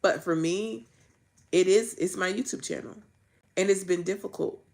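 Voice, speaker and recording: Woman, faith vlogger, gravelly, lower voice, emphatic and raw. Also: moderate pace, darkish tone. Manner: raw, emphatic, preachy, repeats phrases. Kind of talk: candid faith vlog.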